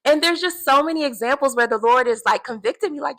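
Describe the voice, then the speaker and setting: A woman talking to camera in a casual faith vlog, earnest and animated, repeating words for emphasis. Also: sits high, fast talker, few pauses, rough recording. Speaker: vlogger keeping a video journal.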